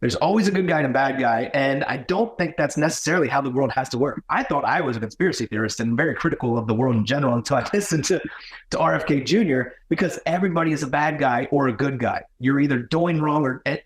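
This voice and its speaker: A man talking as a podcast guest, earnest and halting, often restarting his sentences. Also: mid-range voice. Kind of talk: conversational podcast talk.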